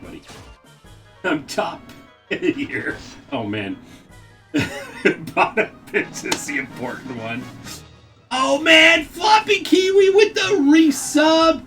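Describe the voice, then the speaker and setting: A male streamer chats loosely with his viewers while he plays, breaking into frequent laughs and excitable "oh my gosh"s. His pitch swings widely from low mutters to high yelps. He sits somewhat back from the microphone, with faint game music underneath. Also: far from the mic. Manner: laughs often, excitable exclamations. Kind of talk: casual live-stream chat reading viewer messages.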